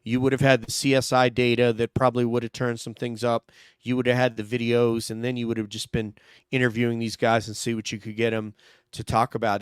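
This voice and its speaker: A man's voice: medium pitch, smooth, dry recording, studio quality. A man hosting an online true-crime show in casual, loose chat. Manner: loose, chatty, laughs easily. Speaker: host.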